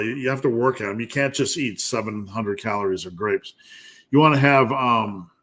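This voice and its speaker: A strength coach and host with a medium-pitched, slightly bright voice responds to viewer questions on a live stream. He jokes around loosely and reasons things through aloud.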